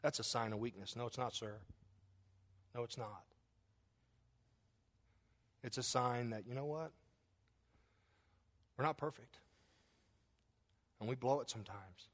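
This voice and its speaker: A man's voice: mid-range voice, slow, long pauses, fairly bright tone. A middle-aged male pastor preaching a sermon, emphatic, with repeated rhetorical questions.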